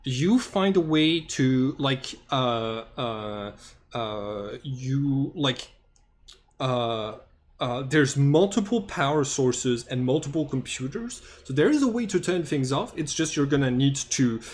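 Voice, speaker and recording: Slow, hesitant man game master. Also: medium pitch, animated. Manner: hesitant, many filler sounds. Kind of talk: running a tabletop game. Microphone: headphones with microphone.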